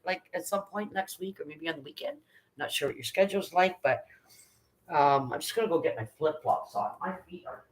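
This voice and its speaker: A woman's voice: on the low side, a bit bright, low-quality recording. Chatty woman baking on a live stream. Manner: chatty, reads out viewer comments and greets viewers by name. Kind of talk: casual live-stream chat while baking.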